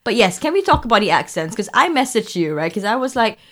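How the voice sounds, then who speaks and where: A woman's voice: mid-range voice, sing-song, fast, fairly bright tone. A woman co-hosting a podcast in casual chat, talking freely with restarts, fillers and laughter. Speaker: podcast co-host.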